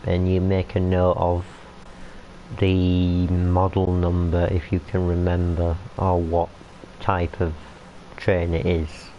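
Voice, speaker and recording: Young man, very deep voice, rambling streamer chat, muffled lo-fi sound. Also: monotone, slow pace, warm tone. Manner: rambling, chatty, talks to the game. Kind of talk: casual chat while playing a train game. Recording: muffled lo-fi, faint hiss.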